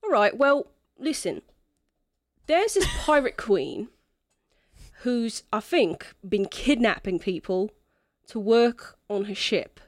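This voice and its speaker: A woman voicing a drunk, laid-back man who schemes in a tavern, in a put-on accent with a slow, teasing drawl. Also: on the high side, very animated, dry recording, clean studio sound. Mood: scheming. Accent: put-on accent, not her own.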